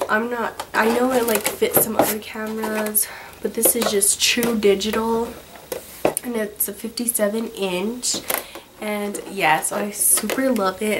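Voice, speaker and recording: A young woman with a voice hoarse from a cold, chatting casually and upbeat in a home haul video, with lots of fillers. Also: medium pitch, heavy background noise. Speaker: vlogger. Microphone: camera on a tripod.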